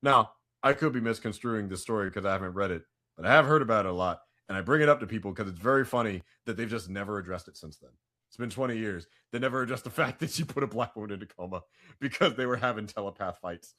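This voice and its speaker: A man co-hosting a casual pop-culture podcast, chatty and prone to loud bursts of hype. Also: fairly low pitch, fast. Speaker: podcast co-host.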